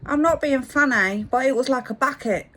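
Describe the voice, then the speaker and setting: A woman's voice: high-pitched, normal speed, fairly bright tone, a little hiss or hum, pitched above the performer's own voice. A woman putting on a pushy London bloke. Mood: blunt. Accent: put-on London. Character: pushy young London man, boyfriend.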